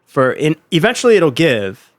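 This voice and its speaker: A man's voice: a little high, very animated, normal speed, dry recording. A male podcast host from the East Coast, chatting loosely with frequent swearing. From East Coast, United States. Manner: loose, rambling, swears freely. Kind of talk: casual podcast chat. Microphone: studio mic with headphones.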